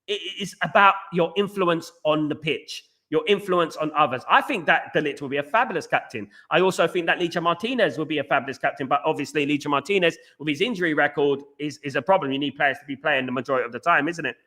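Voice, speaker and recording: A young man hosting a live chat show, talking fast with lots of fillers and repeats, reading out viewer comments. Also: a little high. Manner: rapid, animated, repeats himself, lots of fillers. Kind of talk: casual live-stream chat.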